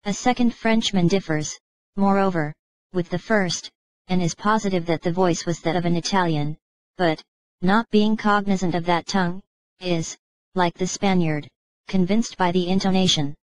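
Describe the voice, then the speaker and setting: A woman narrating an audiobook in a measured, even reading style. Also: fairly low pitch, no echo, rough recording. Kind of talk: scripted narration.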